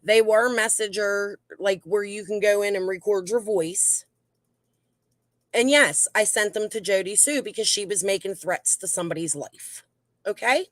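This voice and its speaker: A woman's voice: mid-range voice, moderate pace, no room sound, clean studio sound. A woman hosting her own channel, reading out messages in heated, rambling commentary with many restarts. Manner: aggravated, defensive, rambling with restarts. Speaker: YouTube channel host.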